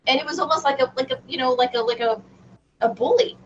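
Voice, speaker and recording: A middle-aged woman, an interview guest telling a personal story in an animated, emphatic way with frequent restarts. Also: sits high, fast talker. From Southern United States. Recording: distant, dull remote audio with faint noise.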